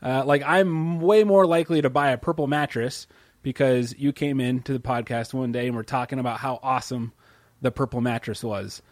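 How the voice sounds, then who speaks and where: A laid-back man co-hosting a podcast in casual, easygoing chat. He laughs often and keeps things loose. His voice sits at an ordinary middle pitch, recorded close and dry with no room sound. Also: fairly even intonation, moderate pace, no echo. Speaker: podcast co-host.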